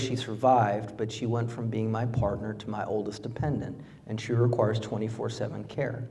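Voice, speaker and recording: A middle-aged man giving a campaign speech at a fundraiser, impassioned, rising to emphatic peaks and dropping low and quiet. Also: recorded from a distance. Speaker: political candidate. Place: fundraiser event venue.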